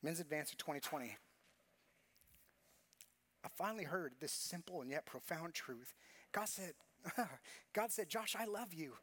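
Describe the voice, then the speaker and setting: A man's voice: fairly high pitch, lively intonation, a little slow, long pauses, a bit bright. A man preaching a sermon as pastor, earnest and confessional, telling a personal story with repeated phrases.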